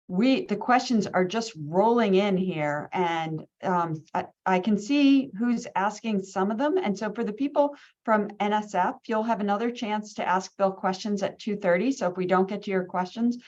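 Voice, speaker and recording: A woman's voice: mid-range voice, moderate pace, darkish tone, lo-fi sound. A woman hosting a webinar and moderating its Q&A over a video call, friendly and loose, with many fillers.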